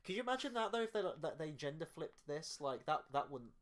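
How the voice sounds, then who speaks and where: A man's voice: fairly high pitch, very animated, fairly quick, fairly bright tone. A young adult man co-hosting a casual film review podcast, talking loosely with many restarts and fillers. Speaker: podcast co-host.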